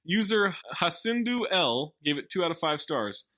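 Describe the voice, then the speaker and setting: A man's voice: fairly high pitch, very animated, normal speed, pushed and bright. A young man co-hosting a podcast, recapping a film and reading reviews with sarcastic jokes. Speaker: podcast co-host. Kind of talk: casual comedic movie commentary.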